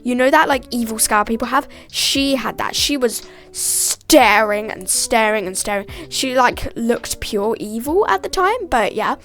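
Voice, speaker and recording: A woman's voice: a little high, expressive, measured pace, hardly any pauses, a bit bright. A teenage girl telling a storytime vlog, chatty and full of "like", acting out bits of dialogue.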